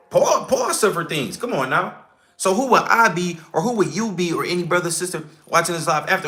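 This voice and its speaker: A man with a mid-range, bright voice and a forceful tone teaches scripture informally, emphatic and preachy. He poses rhetorical questions, swears casually, and checks in with "okay?" and "all right?"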